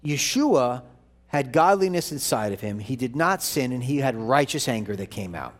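A man's voice: mid-range voice, normal speed. A man preaching a sermon, explaining scripture and reading verses aloud with emphasis. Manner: animated teaching, reads scripture aloud with emphasis. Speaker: pastor.

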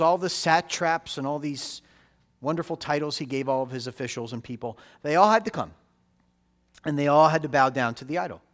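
A man delivers a sermon in a relaxed, conversational way, with a voice a little higher than most men's. He keeps checking in with his listeners through rhetorical questions and drives points home by repeating key phrases. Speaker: pastor.

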